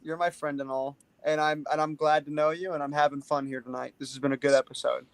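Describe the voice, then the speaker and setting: A man's voice: fairly high pitch, flat delivery, fast talker, vocal fry, dry recording, rough recording. A man in a casual podcast chat, talking bluntly with lots of swearing and filler words.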